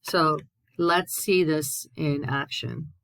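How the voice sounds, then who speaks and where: A woman with a low, dark-leaning voice walks students through a Spanish grammar lesson. She reads each example aloud, then translates it patiently. The sound is dry and close, with no room echo. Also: slow, gravelly. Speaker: Spanish teacher. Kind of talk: recorded classroom lesson.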